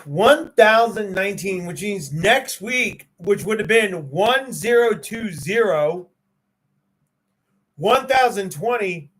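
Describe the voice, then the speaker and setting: A tired man hosting a loose livestream, laughing a lot and swearing freely. His voice sits high and swings widely in pitch, with a bright, forceful edge. He talks at an unhurried pace. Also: animated. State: tired, yawning. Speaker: livestream host. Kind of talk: casual livestream chat.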